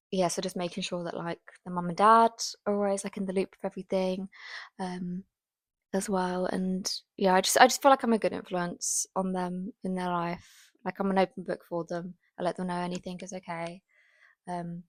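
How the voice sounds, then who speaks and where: A woman in her twenties chatting casually to camera. She rambles along with many fillers and often drops into a soft whisper. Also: on the low side, dry recording, clean studio sound. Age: 20s. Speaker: vlogger.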